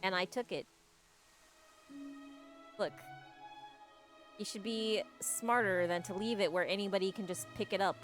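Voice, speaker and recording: A woman's voice: medium pitch, fairly even intonation, a little slow, pauses often. Woman, casual streamer, self-mocking banter, game music in the background. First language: English. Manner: chatty, joking and self-mocking with frequent laughs. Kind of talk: casual live-stream chat while gaming.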